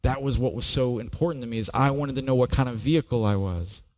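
Speaking at a quick pace in a medium-pitched voice, a middle-aged man who is a pastor shares his personal testimony in a sermon. He's earnest and frequently repeats a word when starting a thought.

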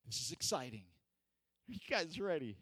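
A man's voice: fairly high pitch, normal speed, husky, no echo. Guy giving a chatty sermon, jokey, does little voices, dry sound. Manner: animated, joking, acts out voices. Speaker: pastor. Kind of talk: casual sermon. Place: church hall.

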